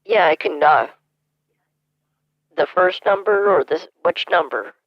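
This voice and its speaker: A man's voice: a little high, animated, measured pace, no room sound, pitched above the performer's own voice. Man doing a flustered lady caller, drawls and dithers, slightly muffled, dry. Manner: rambling, hesitant, dithering. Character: flustered woman on a phone call. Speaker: scambaiter.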